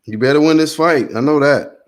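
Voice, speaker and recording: A man hosts a casual live boxing commentary stream, calling punches in excitable slang and talking to his viewers. His voice is fairly high-pitched and fairly quick.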